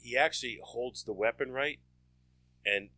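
A man's voice: medium pitch, normal speed, pushed and bright, no echo. A man co-hosting a casual podcast with dry, sarcastic remarks. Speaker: podcast co-host. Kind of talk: casual chat.

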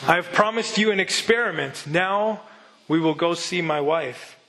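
A preacher voicing a middle-aged pastor who speaks gently but firmly, in a measured, solemn way. The voice sits a little high and sounds bright and forceful. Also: male voice, low-quality recording. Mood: earnest.

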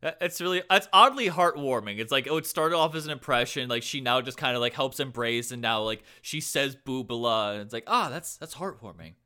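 A man's voice: medium pitch, fairly quick, hardly any pauses, sharp tone, clear, resonant tone. A man hosting a casual interview, chatty, asking questions and agreeing often. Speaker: host.

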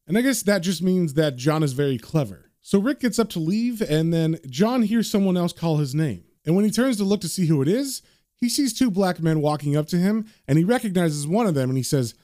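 A man's voice: a little high, animated, normal speed, warm tone, dry recording, studio quality. A man casually narrating a comic book, chatty and conversational, with frequent fillers.

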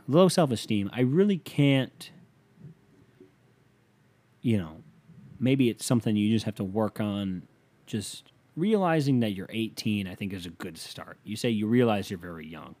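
A man's voice: fairly low pitch, a little mellow. Rambling young man reading a listener letter. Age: 20s. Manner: rambling, profane, joking asides. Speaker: podcast host.

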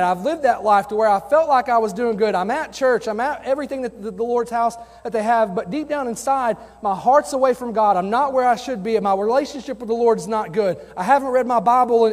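A man with a notably high voice preaches earnestly from the pulpit as a youth pastor, mixing scripture with personal stories in a conversational way. His words ring out with a long reverb that trails through the church sanctuary. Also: fairly quick, few pauses. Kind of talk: sermon.

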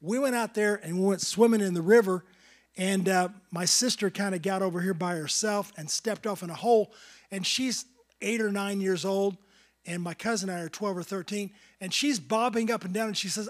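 High-pitched middle-aged guy preaching, swings from loud emphatic to soft asides. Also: normal speed. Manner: preaching with rising emphatic bursts, then dropping to a soft aside. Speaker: pastor. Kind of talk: sermon.

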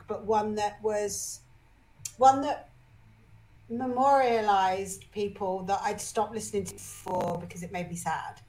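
A woman's voice: medium pitch, fairly even intonation, a little slow, a little mellow, low-quality recording. A woman talking as a podcast guest, telling emotional personal stories with energy, swearing casually and often restarting her sentences. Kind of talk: candid personal storytelling.

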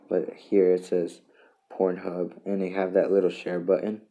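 A man with a deep, very dark and mellow voice hosts a casual solo podcast. He reads memes aloud in an even, flat tone, stopping and restarting often and chuckling between lines. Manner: halting, self-interrupting, chuckles between lines. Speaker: podcast host.

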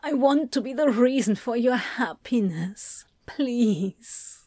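A woman's voice: on the high side, animated, slow pace, dark tone, no echo, studio quality. A woman voicing a blunt, lovesick man who speaks earnestly and pleads. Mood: pleading.

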